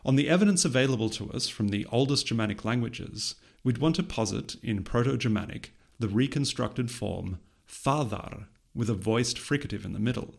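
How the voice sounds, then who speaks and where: A man narrating a scripted educational episode in a measured lecturing manner with light humor. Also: mid-range voice, gravelly, slightly rough. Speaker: podcast host explaining linguistics history.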